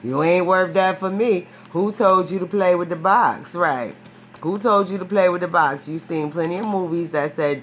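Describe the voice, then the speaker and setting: A woman's voice: lowish voice, moderate pace, slight background noise. A woman giving a casual, rambling tarot reading. She talks emphatically, restarts often, swears freely and keeps checking in with a questioning "right?". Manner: rambling and profane, ends phrases with a questioning "right?"; animated, emphatic storytelling with frequent restarts. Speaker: tarot reader.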